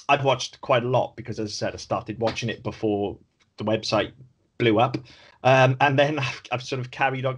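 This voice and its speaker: A man's voice: mid-range voice, husky. A man co-hosting a podcast, chatting casually and critically, swearing now and then. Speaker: podcast co-host. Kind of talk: casual chat.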